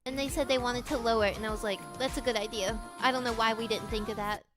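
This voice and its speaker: Giggly high-voiced woman streamer. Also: fairly even intonation, fast talker, over music. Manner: giggly, rambling, playful. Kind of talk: casual chat with stream chat.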